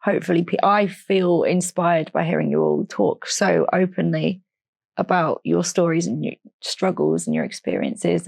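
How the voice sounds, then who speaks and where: Lively, gravelly woman host. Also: fairly low pitch, no room sound. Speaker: podcast host. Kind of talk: podcast wrap-up.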